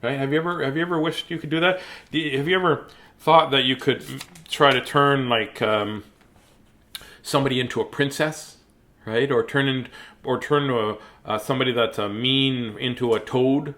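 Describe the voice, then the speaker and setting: A man in the middle of the usual pitch range talks warmly and plainly to children watching at home. He is earnest and gentle, pausing often with filler words. He sounds a little choked up as he speaks. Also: steady tone. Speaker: children's story reader and host. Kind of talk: reading aloud to kids, then heartfelt talk.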